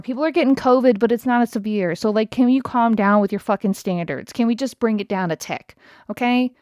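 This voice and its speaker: A woman's voice: a little high, fairly quick, darkish tone, no room sound, clean studio sound. A woman in her thirties hosting a podcast, telling a story in a casual, profane, exasperated rant. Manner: profane, exasperated, talks straight to listeners. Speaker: podcast host.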